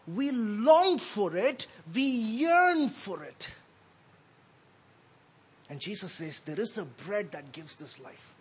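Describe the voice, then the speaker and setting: A man's voice: high-pitched, fairly bright tone, breathy edge. A man preaching a sermon in a conversational way, often adding "right?" and repeating words as he speaks.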